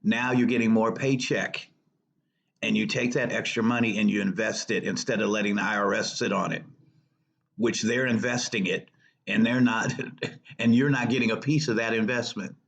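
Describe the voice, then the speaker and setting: A man's voice: moderate pace, vocal fry. A man hosting a personal finance show, giving casual direct advice to viewers, emphatic and repeating his key points. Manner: emphatic, repeats key points, lively swings between high stresses and low asides. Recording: dull lo-fi recording.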